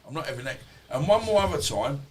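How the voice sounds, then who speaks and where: Slightly high-voiced and animated, this man talks fast as a podcast guest in a casual storytelling interview. He rambles through personal anecdotes, swears freely and acts out dialogue people said to him. The audio is poor.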